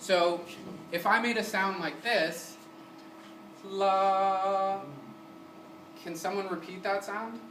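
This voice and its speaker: An unhurried man with a high voice gives a music lesson, singing little syllables to demonstrate and energetically asking the class question after question. The distant mic in the community center room captures a roomy sound with room noise.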